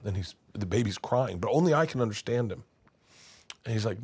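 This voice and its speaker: Middle-aged male comedian guest, animated storyteller, slips into voices, big laughs, lowish voice. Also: brisk, breathy edge. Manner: excitable, acts out voices in his stories, laughs loudly. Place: his studio.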